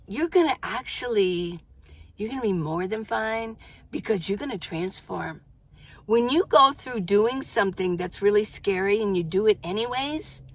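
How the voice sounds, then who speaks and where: A woman's voice: mid-range voice, animated, unhurried. An older woman chats to her viewers from inside her minivan. She is exclamatory and talkative, and she often stops herself partway through a thought to start it again. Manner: chatty, self-interrupting, exclamatory. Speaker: van life vlogger. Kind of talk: casual chat to camera.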